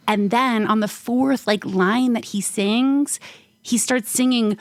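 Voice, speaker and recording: A woman co-hosting a podcast, telling a casual story full of "like" fillers and acting out quoted voices with big jumps in pitch. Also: unhurried, no echo. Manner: frequent "like" fillers. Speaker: podcast co-host.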